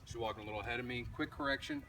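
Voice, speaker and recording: A man coaching dog owners in a plain, matter-of-fact way, recorded outdoors by a camera set some distance away. His voice comes across slightly distant, with clear traffic and street noise rolling behind him. He sounds like an instructor talking through a demonstration as he goes. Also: mid-range voice, very fast, bright, forceful tone. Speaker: dog trainer. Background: passing vehicles and street ambience.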